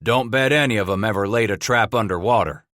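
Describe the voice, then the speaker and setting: A man voicing a calm, seasoned male trapper leader with an even-toned frontier drawl, in a storybook reading. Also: fairly low pitch, a little fast, dry recording, studio quality, lightly acted.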